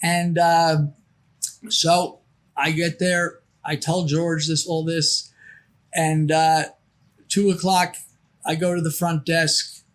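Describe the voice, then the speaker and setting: Podcast guest, sixties, man with a high voice; rambling storyteller who restarts sentences and acts out quotes. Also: little pitch movement, slow pace, long pauses. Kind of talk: casual storytelling.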